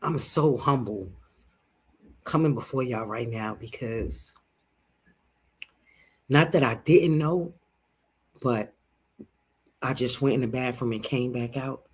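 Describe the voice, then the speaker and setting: A man in his forties hosts a livestream, his voice a little husky and unhurried. He is teary-eyed and rambles warmly, thanking his viewers from the heart. His pitch sits in an ordinary middle range for a man. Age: 40s. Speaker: livestream host. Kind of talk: casual emotional livestream chat.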